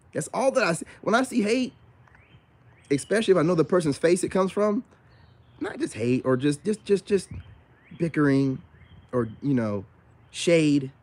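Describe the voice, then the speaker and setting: A man's voice: a little high, creaky, a little mellow, slight background noise. A man talking casually to his camera, rambling and teasing, with slang and flirty crooning asides. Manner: rambling, teasing, slangy, repeats "you know what I'm saying". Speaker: vlogger.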